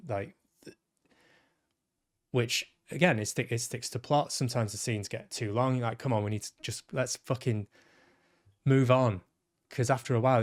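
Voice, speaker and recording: A man giving a blunt, casual film review as a podcast host, swearing often and restarting his sentences. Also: medium pitch. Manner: blunt, frequent swearing, many restarts and repeated words.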